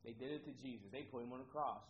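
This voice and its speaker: A man's voice: mid-range voice, fast. A man from Ohio preaching a sermon with energy, repeating his phrases for emphasis. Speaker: pastor. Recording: dull lo-fi recording with faint noise.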